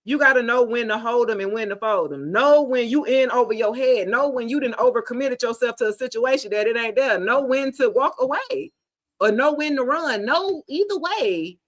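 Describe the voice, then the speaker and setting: A woman, giving a casual live tarot reading in a chatty, animated, slangy way, talking straight to her viewers. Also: fairly high pitch, brisk. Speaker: tarot reader.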